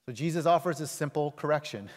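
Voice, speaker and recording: A male pastor preaching a sermon with emphatic delivery, surging loud and high, then dropping low and quiet. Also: animated, fast. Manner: emphatic, swings between loud rises and soft low drops. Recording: long reverb of a large hall.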